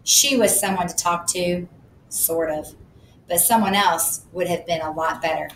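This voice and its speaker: A woman's voice: lowish voice, a little slow, echoey room, a little hiss or hum, rough recording. A woman narrating a first-person children's book in a plain, matter-of-fact storytelling manner. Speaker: audiobook narrator.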